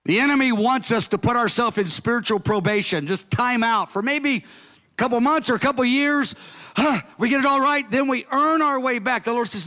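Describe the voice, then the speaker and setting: A man preaches to his congregation, his voice pitched high for a man. He slows right down and stresses the words when he speaks the characters' lines. The sound rings out with the long reverb of a large hall. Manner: animated preaching, acting out the father's words slowly and emphatically. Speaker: pastor. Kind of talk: sermon.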